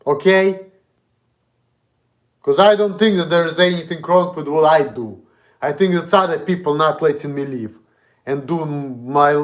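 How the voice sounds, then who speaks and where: A man with a Russian accent, streaming an indignant, profane, repetitive rant. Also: on the high side. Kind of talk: ranting monologue.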